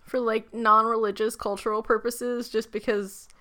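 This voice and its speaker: Bright-voiced woman podcast co-host. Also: a little high, level tone. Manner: playful, quick teasing banter with frequent laughs. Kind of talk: casual chat.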